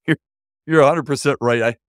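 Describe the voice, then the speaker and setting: A man's voice: mid-range voice, brisk, no room sound, studio quality. A man co-hosting a sports talk show, talking in an easygoing, conversational way. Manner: easygoing, conversational, repeats words when starting. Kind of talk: casual sports radio chat.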